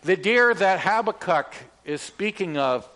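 A man from Canada preaches a sermon in a high, unhurried voice. He leans on each phrase and has the congregation repeat lines after him. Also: lively intonation, pushed and bright. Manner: slow, emphatic preaching with call-and-response. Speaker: pastor.

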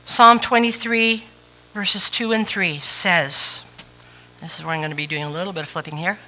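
A woman's voice: fairly low pitch, steady tone, moderate pace, sharp tone, low-quality recording. A woman preacher giving a chatty, playful sermon with asides to the congregation. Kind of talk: conversational sermon.

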